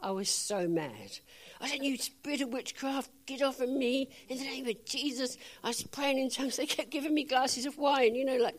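A woman's voice: high voice, normal speed, hardly any pauses. An older woman preaching a sermon, telling funny personal stories, laughing often and acting out conversations.

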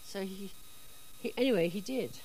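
A woman telling a personal faith testimony in a chatty, animated storytelling way. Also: medium pitch, normal speed, a little hiss or hum, poor audio. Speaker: speaker giving a testimony.

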